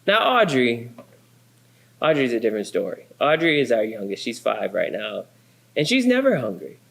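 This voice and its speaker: A man's voice: mid-range voice, normal speed, creaky. A man in his thirties, a pastor, telling funny family stories in a sermon. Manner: animated, self-deprecating, comic. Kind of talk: humorous sermon storytelling.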